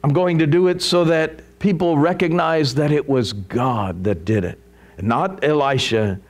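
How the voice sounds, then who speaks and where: A man preaching a sermon, telling a story and acting out its characters, with dramatic swings in loudness. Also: fairly high pitch, unhurried. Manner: acts out the story's people in raised voices.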